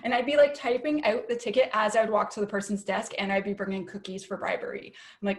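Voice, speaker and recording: A Canadian woman on a panel, talking in a loose, chatty way peppered with fillers. Her pitch sits in an ordinary middle range for a woman. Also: fairly even intonation, quick pace. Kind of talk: casual panel discussion.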